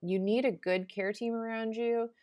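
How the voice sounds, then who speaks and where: A woman's voice: on the high side, steady tone, normal speed, darkish tone, dry recording, studio quality. A young adult woman hosting a podcast, talking reflectively and directly to her listeners. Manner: reflective, speaking straight to listeners. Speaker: podcast host. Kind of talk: earnest podcast talk.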